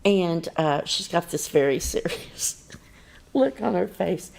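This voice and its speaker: Gravelly low-voiced woman TV host. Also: animated, takes it slowly, a little mellow. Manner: chatty storyteller, laughs often. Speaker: morning show host. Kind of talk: casual on-air chat and prayer. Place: local TV studio.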